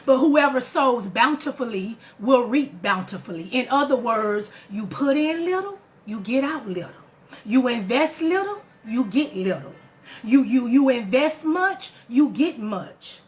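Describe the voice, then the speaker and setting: A woman's voice: on the high side, animated, unhurried. A woman giving a motivational talk, emphatic and repetitive, with preacher-like build-ups and direct questions to the listener. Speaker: motivational speaker.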